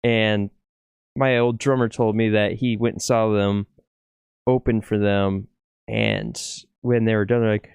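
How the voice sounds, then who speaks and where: A man's voice: fairly low pitch, level tone, unhurried, gravelly, a little mellow, smooth, no echo, lo-fi sound. A middle-aged man from California chatting casually, rambling and laughing easily as he talks. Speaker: podcast guest, musician. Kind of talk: casual chat.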